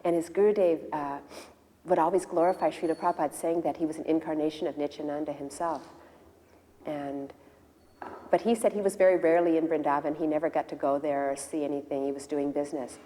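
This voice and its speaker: Low mellow woman in reverberant hall. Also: steady tone, a little fast. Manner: storytelling, acts out quoted dialogue. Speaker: disciple sharing memories. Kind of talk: casual spoken reminiscence.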